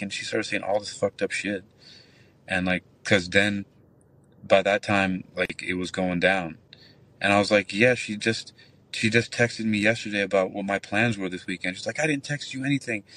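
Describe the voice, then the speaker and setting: A man's voice: lowish voice, distant mic. Profane man rambling through a story. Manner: rambling, profane, animated retelling. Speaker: nightclub bouncer. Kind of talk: casual storytelling on a call-in show.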